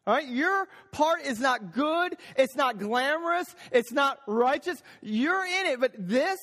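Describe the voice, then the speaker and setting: A man preaching a sermon as pastor, animated, repeating phrases for emphasis and acting out little voices. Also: extremely high pitch, unhurried. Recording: long hall reverb.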